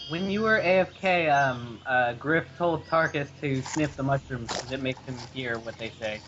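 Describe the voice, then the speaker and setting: A man playing a tabletop game, talking casually in a halting way with many fillers. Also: medium pitch, over music. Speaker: player. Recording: dull lo-fi stream audio with hiss.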